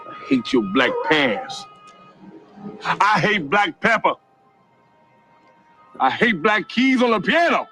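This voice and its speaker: A man's voice: on the high side, a bit bright, heavily acted, rough recording. An actor playing a bitter, hostile man who rants insults in a film scene. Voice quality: sneering, insulting. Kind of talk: film acting. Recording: film clip with music under it.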